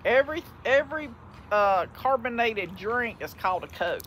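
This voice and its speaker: A woman's voice: fairly high pitch, expressive, moderate pace, a bit bright, slight background noise. A woman with an Alabama accent hosting a casual chat and laughing often. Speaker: vlog host.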